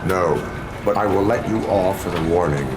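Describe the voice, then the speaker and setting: A man voicing a cyborg cop, very deep voice, clipped and formal, game audio hum. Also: normal speed, lightly acted. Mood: flat. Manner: clipped, formal, emotionless delivery. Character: stern cyborg police officer, male, imposing.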